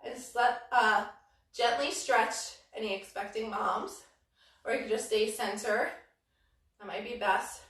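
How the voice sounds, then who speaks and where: A woman's voice: a little high, bright, forceful tone. A woman leading a story-led children's yoga class in a playful, sing-song way, full of cheerful exclamations. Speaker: yoga instructor. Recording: echoey room, voice from a distant mic.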